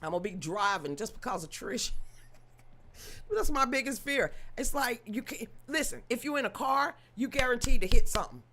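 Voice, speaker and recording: A woman's voice: a little high, animated, moderate pace, sharp tone, a little hiss or hum. A woman hosting a livestream, chatting casually and joking with her viewers, with laughing asides. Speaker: livestream host.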